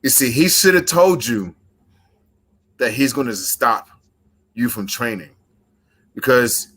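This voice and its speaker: A man's voice: medium pitch, animated, slow pace, a bit bright, husky. A man cutting a wrestling promo, intense and emphatic, repeating lines for effect.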